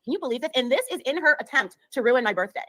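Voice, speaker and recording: Rapid-fire ranting woman in her fifties. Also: high voice, expressive, sharp tone, no room sound. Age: 50s. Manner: rapid, profane, taunting. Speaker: livestreamer. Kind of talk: ranting livestream clip.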